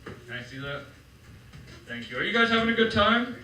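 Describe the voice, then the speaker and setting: A young man doing a stand-up set for a live crowd, telling his stories with animated delivery and acting out the quotes. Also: high voice, normal speed. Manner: animated storytelling, acts out quotes. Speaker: stand-up comedian. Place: comedy club stage. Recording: roomy club sound, mic heard from a distance, crowd noise. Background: audience laughing.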